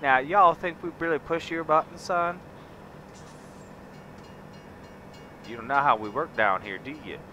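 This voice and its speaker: Guy hamming up a loud drawly southern rancher type, teasing, pitched up, noisy mic. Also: brisk, muffled recording. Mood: boisterous. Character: brash good-ol'-boy southern male rancher. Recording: noisy background.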